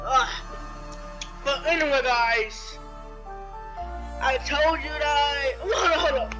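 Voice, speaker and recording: A man giving rambling, excitable let's-play commentary, yelping and shouting at the game. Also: very high voice, slow pace, over music. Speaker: gameplay commentator.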